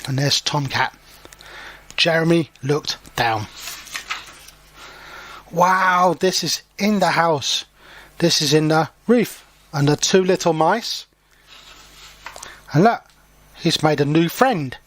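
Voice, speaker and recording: Slow, clear man reading a storybook. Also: on the high side, expressive, fairly bright tone. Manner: slow and clear, pausing to explain words. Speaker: English teacher. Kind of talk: storybook read-aloud for learners.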